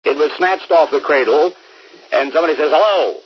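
A man's voice: on the high side, fairly quick, husky, dull audio. A man preaching a radio sermon, emphatic and drawing out key words for stress.

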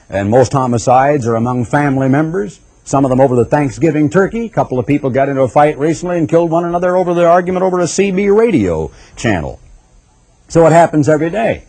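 A man's voice: fairly high pitch, lively intonation, quick pace, a little mellow. A man giving impassioned, rhetorical radio commentary, piling up lists for emphasis. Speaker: radio broadcaster.

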